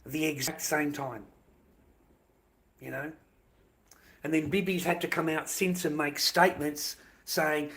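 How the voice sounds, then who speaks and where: A man's voice: fairly high pitch, steady tone, measured pace, long pauses, a bit bright. An Australian man ranting to his stream viewers, heated and profane, repeating himself often. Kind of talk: ranting livestream monologue.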